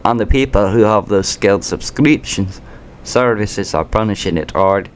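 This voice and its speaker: This American commentary channel host delivers a sarcastic, combative political rant, occasionally stumbling and restarting. He speaks on the low side at a moderate pace, with a little hiss or hum in the recording.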